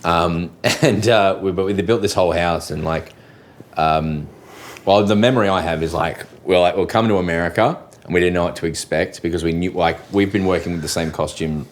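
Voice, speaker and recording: Deep-voiced rambling Australian man. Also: fairly even intonation, a little fast, slight background noise. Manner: rambling, sweary storytelling. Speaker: comedian. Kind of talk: casual chat.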